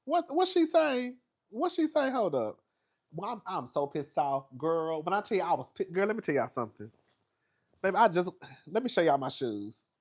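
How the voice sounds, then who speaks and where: A man's voice: high-pitched, moderate pace. A man hosting a casual, profane gossip recap of a reality show, telling stories with sass and frequent laughter. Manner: sassy, animated storytelling with profanity and dramatic asides; laughs often.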